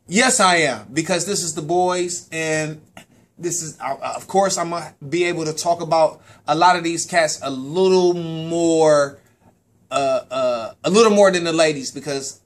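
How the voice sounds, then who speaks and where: Man, sports talk host and parent, slightly high voice, loose animated delivery, repeats himself, casual shout-outs. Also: unhurried. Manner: animated, repeats words, stumbles on names.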